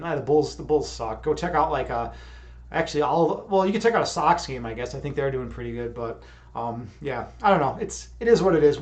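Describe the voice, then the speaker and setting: A man talking casually on a live stream, his voice sitting a little high. He rambles, restarts his words and laughs and swears freely. It comes across as loose, unscripted chat. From Chicago. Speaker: streamer leading meditation.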